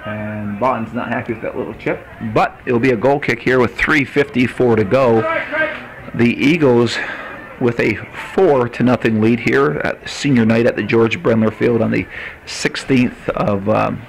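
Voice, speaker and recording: A man's voice: medium pitch, normal speed, gravelly. A man doing play-by-play commentary for a local game, chatty and joking with his co-announcer. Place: outdoor sports field. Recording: noisy outdoor field broadcast.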